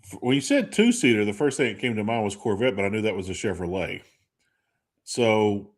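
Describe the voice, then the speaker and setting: A man's voice: lowish voice, animated, brisk. A man hosting a talk show in casual chat, rambling with lots of fillers and laughing often. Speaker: host.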